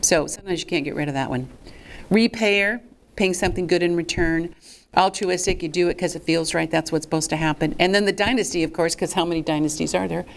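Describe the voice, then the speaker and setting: A woman presenting a fundraising workshop to a live audience in a lively, chatty way. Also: fairly low pitch, brisk. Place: meeting room with a live audience.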